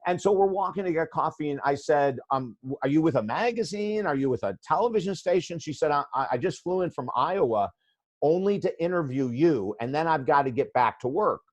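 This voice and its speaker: A man's voice: fairly high pitch, lively intonation, a little fast. Emphatic, blunt man telling a story. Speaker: guest author and life coach. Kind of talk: storytelling in a podcast interview.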